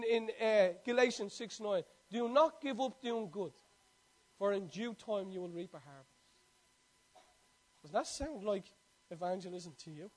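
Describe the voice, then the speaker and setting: A man preaching a sermon, telling a personal story in a conversational way and quoting scripture. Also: high-pitched.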